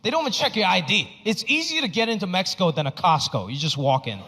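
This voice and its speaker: A man's voice: high-pitched, very animated, fast talker, bright, forceful tone. A man from Hong Kong, a stand-up comedian, telling a self-mocking story in a stand-up set. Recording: reverberant theater hall.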